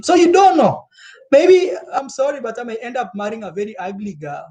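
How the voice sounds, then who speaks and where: A young man from Kenya chatting casually and live with his viewers, animated and repetitive, laughing often. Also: sits high, moderate pace, gravelly. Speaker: travel vlogger.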